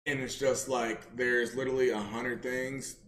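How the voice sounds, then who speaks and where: A man co-hosting a casual podcast, talking emphatically and repeating phrases for effect. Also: moderate pace. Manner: emphatic, repeats phrases, animated pitch jumps. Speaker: podcast co-host. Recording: roomy echo.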